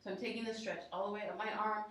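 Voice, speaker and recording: A woman guides a yoga workout, counting down reps and cheering students on with calm, step-by-step cues. Her voice sits in a very echoey room and is picked up from well away from the mic. Her pitch is mid-range for a woman. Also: very fast, distant mic, a little hiss or hum. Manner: encouraging, gives steady step-by-step cues and countdowns. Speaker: yoga instructor.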